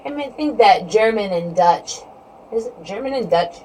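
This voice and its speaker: A woman's voice: medium pitch, expressive, normal speed. A woman live-streaming and chatting casually with her viewers, rambling from topic to topic and filling her talk with "you know". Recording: distant mic with faint background noise.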